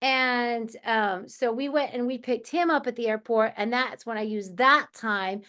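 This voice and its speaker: Woman chatting to camera, storytelling, bit high voice, plays out the back and forth herself. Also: measured pace, sharp tone. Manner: chatty, acts out both sides of remembered dialogue. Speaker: channel host. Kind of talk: casual storytelling monologue.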